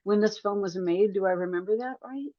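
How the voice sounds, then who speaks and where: A woman's voice: mid-range voice, brisk, no echo, dull audio. A woman, a guest author, talking analytically and thoughtfully with hesitant restarts in an interview. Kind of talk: interview conversation.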